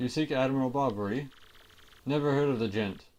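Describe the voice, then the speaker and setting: A man's voice: medium pitch, a little fast, darkish tone, natural voice. A man voicing an evasive, grumpy old male sailor in a video game, curt and dismissive.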